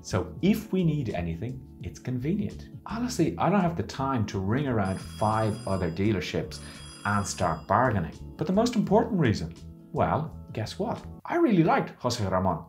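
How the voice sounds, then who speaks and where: A man coaching about business who talks casually to camera and acts out his stories with theatrical flair. His pitch swings widely as he talks. Soft music plays in the background. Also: normal speed. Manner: animated, theatrical storytelling. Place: lives in Barcelona.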